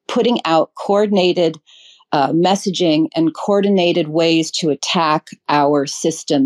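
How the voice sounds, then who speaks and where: A woman's voice: sits low, darkish tone. A woman speaking as an interview guest, earnest and emphatic, with ums and restarts as she thinks aloud. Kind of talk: political interview.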